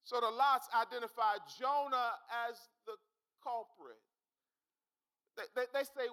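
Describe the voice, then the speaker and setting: A male pastor preaching in a church with a very high, bright, piercing voice. He speaks fervently and repeats phrases for emphasis. He calls out directly to his congregation. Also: fairly even intonation, measured pace, pauses often, smooth, rough recording. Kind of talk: sermon.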